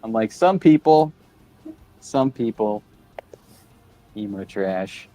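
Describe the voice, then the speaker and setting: A man's voice: fairly low pitch, animated, slow, dark tone, faint music behind. A man hosting a casual chat while drawing, playful and goofy, with mock-offended banter. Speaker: host.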